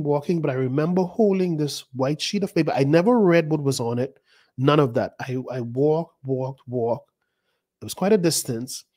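A man's voice: on the high side, warm tone. A male pastor in his fifties, teaching a sermon by retelling his own dreams in a loose, conversational way that circles back on itself with asides. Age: 50s. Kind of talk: sermon teaching through personal dream stories.

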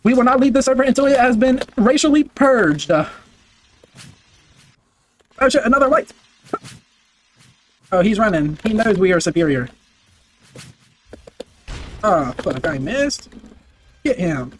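A man giving loud, excitable gameplay commentary, full of brash trash talk, swearing and repeated barked commands. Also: high-pitched, unhurried, pauses often, slight background noise. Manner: barks repeated commands and chants. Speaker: gaming video creator.

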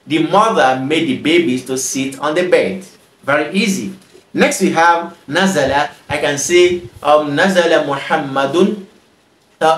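A man with a somewhat high voice teaches a grammar lesson as a tutor. He reads example sentences briskly and then translates them slowly, recorded in an echoey room. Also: a bit bright. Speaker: Arabic teacher. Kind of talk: explaining an Arabic grammar exercise in English.

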